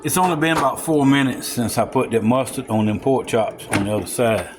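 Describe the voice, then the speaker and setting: A man's voice: medium pitch, brisk. Man, chatty home cook, folksy, faint hiss behind. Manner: folksy and chatty, talking straight to viewers, excited whoops. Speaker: home cook showing a recipe. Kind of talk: casual cooking video narration. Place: home kitchen.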